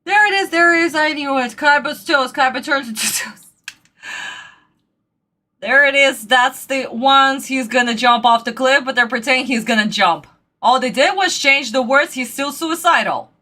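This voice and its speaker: A woman hosting a reaction video, talking casually into her microphone at home, excitable and exclamatory, then rambling apologies. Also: sits high, normal speed. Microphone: desk microphone.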